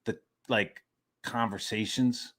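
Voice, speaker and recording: A man's voice: lowish voice, fairly even intonation, slow pace, a bit bright. A middle-aged man co-hosting a casual talk show, telling rambling, profane stories with lots of fillers. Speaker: podcast co-host. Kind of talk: casual chat.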